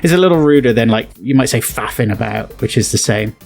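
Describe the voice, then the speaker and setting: A man's voice: medium pitch, animated, a little fast, gravelly, darkish tone, faint music behind. A British man explaining slang in casual, rambling commentary, laughing often and acting out the phrases he quotes. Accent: British English. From England. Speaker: game developer and video host.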